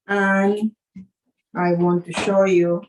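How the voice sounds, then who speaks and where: Slow-talking woman chef demonstrating. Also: medium pitch, flat delivery, darkish tone, poor audio. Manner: halting, with many fillers and restarts. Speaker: chef leading a cooking workshop. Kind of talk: live cooking demonstration.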